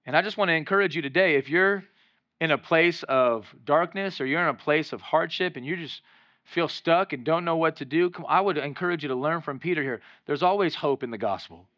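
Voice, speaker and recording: A man's voice: fairly high pitch, a little fast, a bit bright, no room sound, highs cut off. A male pastor preaching a sermon, exhorting the congregation and acting out voices in his retellings. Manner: acts out voices when retelling scenes.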